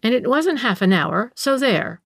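A woman's voice: a little high, animated, normal speed, no echo, studio quality. Pert young woman, as a woman reads her. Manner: pert and acid retorts. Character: pert, sharp-tongued young woman answering back.

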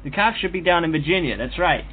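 A man's voice: on the high side, lively intonation, fast. A man making a prank phone call, rambling and profane, from a hot room with cars passing outside. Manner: brash, rambling, profane banter. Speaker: prank caller. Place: hot room with the window open. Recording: tinny phone line with faint noise.

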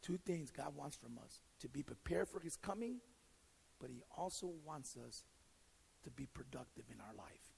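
A man's voice: mid-range voice, animated, normal speed, a little mellow, in a large hall, a little hiss or hum, rough recording. A male pastor preaching a sermon in a direct, joking way, mixing stories and teaching. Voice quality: raspy, gravelly. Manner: direct, joking, self-deprecating; repeats and restarts words. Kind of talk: sermon with storytelling.

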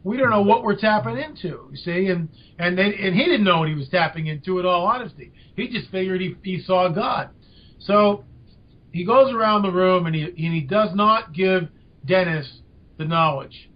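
An older man, a podcast guest, telling a story with lively emphasis. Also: high voice, normal speed. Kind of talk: storytelling in an interview. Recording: dull lo-fi audio.

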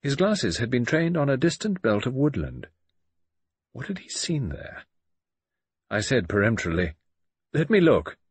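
A man's voice: medium pitch, sing-song, moderate pace, pauses often, husky, dry recording. A man narrating an audiobook in the first person, reading dramatically and expressively.

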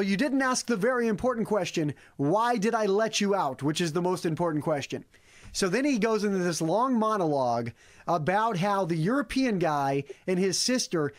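A man hosting a casual comedic movie review podcast, retelling the plot with acted-out quotes. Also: sits high. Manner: animated storyteller who acts out characters' lines. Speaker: podcast host.

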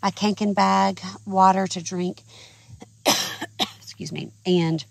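A middle-aged woman artist chatting casually in a vlog, rambling and thinking out loud, her voice scratchy and tired, partly recorded outdoors at a lakeside campground. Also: mid-range voice, steady tone, slow pace, vocal fry, no room sound. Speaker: artist vlogger.

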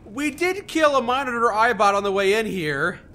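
A man's voice: extremely high pitch, animated, normal speed, sharp tone. A man giving jokey, easygoing commentary while playing a game with a friend. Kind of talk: casual gameplay commentary.

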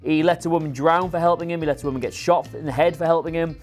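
A man's voice: on the high side, fairly even intonation, fast, soft background music. A man dryly rattling off a prepared list of complaints in a casual panel chat. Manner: dry, rattles off a prepared list with filler uhs. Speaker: regular panelist.

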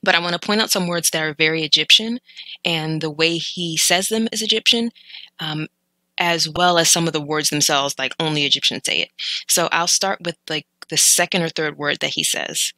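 This woman has a deep voice and talks at normal speed, sounding pushed and bright on a poor recording with no echo. A language learner, she casually explains vocabulary from clips, thinking aloud with hesitant restarts and corrections.

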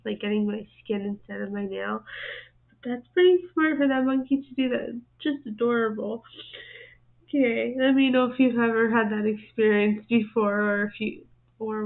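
A woman's voice: medium pitch, gravelly. A woman hosting a reaction channel, chatting casually and giggling often as she comments. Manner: chatty and giggly, laughing often between remarks. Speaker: host of an animal video reaction channel. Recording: tinny phone-like sound.

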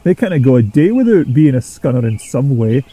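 A man's voice: medium pitch, sing-song, brisk, warm tone, breathy edge. Douglas, a man doing a mocking Scottish engine.

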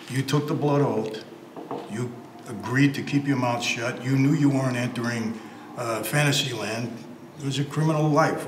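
Earnest man recalling his father. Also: medium pitch. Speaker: interview guest. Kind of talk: reflective personal account. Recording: echoey room with faint noise.

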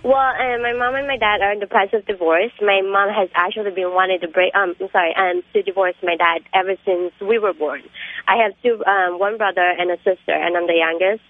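A young woman in her twenties calling a radio show while sick, talking in an excited, rambling, giggly way. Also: mid-range voice, fairly quick, dry recording. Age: 20s. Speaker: caller. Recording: tinny phone line.

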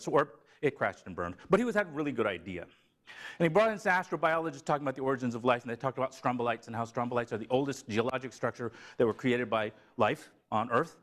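Animated man giving a lecture. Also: medium pitch, quick pace. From Tennessee, USA. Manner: animated, joking, slips into a put-on Southern drawl for a gag. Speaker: seminar speaker. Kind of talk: lively academic lecture. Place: lecture room.

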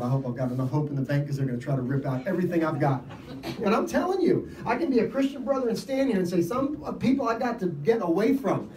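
A man giving an informal sermon, telling stories in an animated way and laughing often. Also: high voice, reverberant, far from the mic, slight background noise, rough recording. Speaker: lay preacher. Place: event gathering.

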